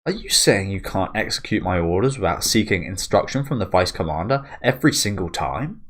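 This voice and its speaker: A man's voice: low-pitched, lively intonation, a little fast, a bit bright. A man reading out a proud young woman knight commander who gives curt, imperious orders. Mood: commanding.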